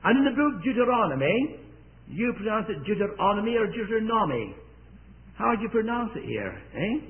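A man's voice: sits high, big pitch swings, fairly quick, narrow, tinny audio. A man preaching a sermon to a congregation in an earnest way, often asking them questions. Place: church service.

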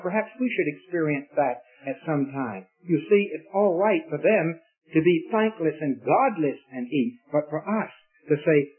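A man preaching with a high, earnest voice, pressing his questions on the congregation. The sound is thin and tinny, like an old radio broadcast. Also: slightly rough. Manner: earnest, emphatic, questioning the listeners. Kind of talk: sermon.

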